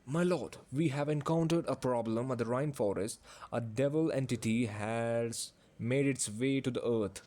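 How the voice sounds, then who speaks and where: A man's voice: mid-range voice, unhurried, mellow, lightly acted. A dutiful angel guard bringing a report to his lord, voiced by a man reading in an audiobook tale. He speaks respectfully and with urgency. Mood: urgent.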